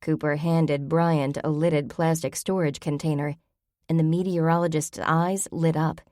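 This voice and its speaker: Woman narrator, low pitched, dry close sound, measured storytelling. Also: little pitch movement, darkish tone, no room sound. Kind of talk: audiobook narration.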